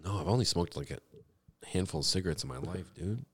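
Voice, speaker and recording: A man's voice: sits low, lively intonation, fast, husky, dry recording. Giggly, foul-mouthed young podcast guy. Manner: swears constantly, laughs through his stories. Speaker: podcast co-host. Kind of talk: casual chat.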